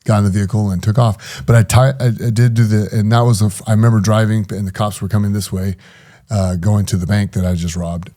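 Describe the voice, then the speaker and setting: A man's voice: on the low side, warm tone. A middle-aged man telling his story in an interview, hesitant, with many fillers and restarts. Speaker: guest.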